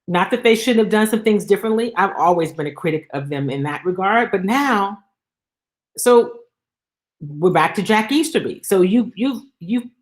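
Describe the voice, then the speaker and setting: Emphatic woman hosting a sports show. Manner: emphatic, exasperated, animated pitch jumps; reads and answers listener comments. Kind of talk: casual sports talk show commentary.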